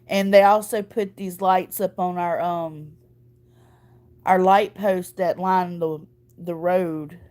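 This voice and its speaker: A woman's voice: fairly low pitch, fairly even intonation, slow pace, a little mellow. Woman, 30s, choked up from crying, rambling folksy chat to viewers. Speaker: vlogger.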